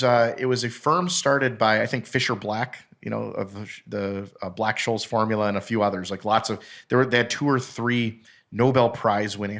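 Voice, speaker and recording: A man guesting on a podcast, telling a story in a rambling, animated, profane way with fillers and restarts. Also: lowish voice. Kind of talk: casual storytelling chat.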